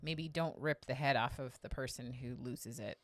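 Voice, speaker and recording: A woman co-hosting a casual live stream, giving gentle, encouraging reminders. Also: very deep voice, normal speed, no echo. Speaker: co-host.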